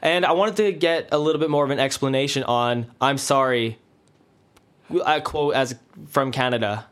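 A man's voice: medium pitch, moderate pace, a bit bright. A man interviewing a guest in a casual, friendly and affirming way, with some slang.

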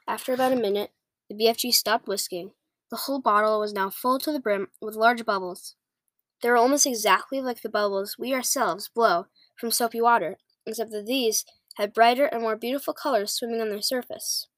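Woman, reading a children's book aloud, fairly high voice, stumbles over words, dry sound. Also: a little fast, fairly bright tone, dry recording. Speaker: reader.

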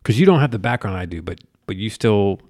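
A man in his thirties co-hosting a casual chat, profane and animated as he tells stories. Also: on the low side, fast.

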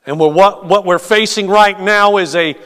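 A man preaching as a pastor, telling a story in a slow, measured way with hesitant fillers. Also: high-pitched, fairly bright tone, smooth. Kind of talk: sermon with storytelling. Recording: long hall reverb.

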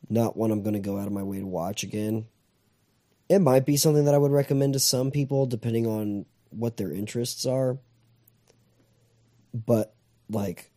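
A man's voice: on the low side, mellow. A man co-hosting a podcast, speaking in casual chat with hesitant, hedging remarks and brief replies. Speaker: podcast co-host.

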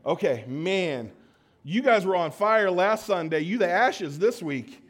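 A man with a notably high, light voice preaches at a church service. He talks casually and with energy, teasing and rousing the crowd, and often stumbles and restarts mid-sentence. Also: measured pace. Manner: energetic, joking, audience call-and-response; conversational with frequent restarts.

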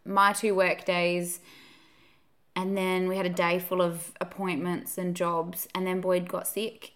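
A woman in casual chat as a podcast co-host, talking fast with lots of fillers and frequent laughs. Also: fairly low pitch.

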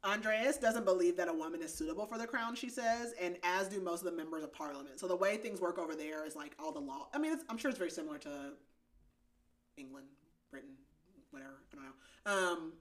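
Woman, podcast host, casual book chat, giggly, slightly low voice. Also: animated, quick pace. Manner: chatty, giggly, lots of "like".

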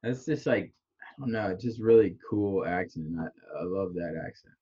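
A middle-aged man hosts a casual chat in a low voice, with a faint Chicago accent. He rambles and restarts, full of fillers. The audio is dull and lo-fi. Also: moderate pace, mellow, husky. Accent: slight Chicago. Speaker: podcast host.

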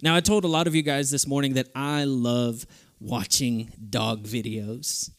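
A young man preaching a sermon to a youth group, lively and playful in his delivery. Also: mid-range voice, a little slow. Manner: lively, playful, switches into goofy voices for stories. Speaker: youth speaker.

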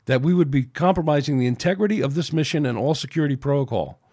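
A man's voice: fairly high pitch, fast talker, dark tone, husky, no echo, clean studio sound. A man voicing an earnest male starship security chief and helmsman in an amateur story reading. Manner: earnest, growing insistent.

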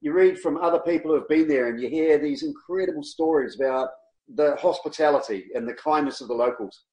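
A man, a guest telling travel stories in a casual, animated way and laughing often. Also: on the high side, brisk. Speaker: guest, long-distance cyclist. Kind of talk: casual storytelling interview. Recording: roomy echo.

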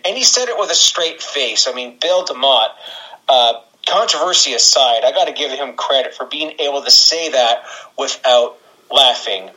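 A man's voice: mid-range voice, normal speed, bright, forceful tone, low-quality recording. A man co-hosting a casual podcast, rambling and sarcastic, swearing and laughing as he talks. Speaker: podcast co-host. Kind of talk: casual wrestling podcast chat.

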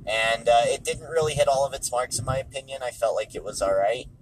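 A man's voice: mid-range voice, a little fast, slight background noise, low-quality recording. A tired, hungry man hosting a casual solo podcast, offhand and dismissive, repeating himself, recorded in a car. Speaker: podcast host.

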